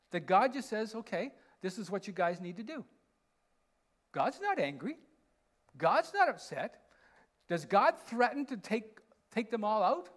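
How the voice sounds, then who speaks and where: A man preaching a sermon as a pastor, often asking his listeners questions and checking in with them. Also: high-pitched. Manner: asks the congregation rhetorical questions, tags lines with "right?".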